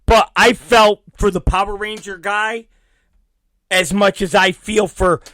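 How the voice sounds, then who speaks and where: A man hosting his own talk show, ranting and storytelling with heavy swearing, swinging between loud outbursts and muttered asides, often laughing. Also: high-pitched, steady tone, measured pace, dry recording. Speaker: podcast host. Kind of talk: profane comedic ranting.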